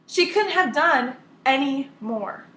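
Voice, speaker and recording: A woman retelling a story on a team call, talking in an animated way and acting out the voices of the people in it. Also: high-pitched, takes it slowly, reverberant.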